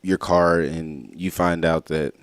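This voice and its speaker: Laid back cohost guy, really deep voice, rambles a bit, dry sound. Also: fairly even intonation, slow, no echo. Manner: easygoing, rambling, laughs often. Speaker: morning show co-host. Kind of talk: casual chat.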